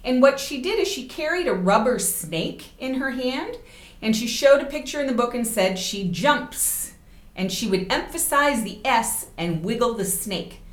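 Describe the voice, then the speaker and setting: A woman's voice: a little high, animated, normal speed. Woman lecturing in a roomy space. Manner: explanatory, checks in with "okay?" and "right?". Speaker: teacher educator giving a lecture. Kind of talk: recorded lecture. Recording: roomy echo.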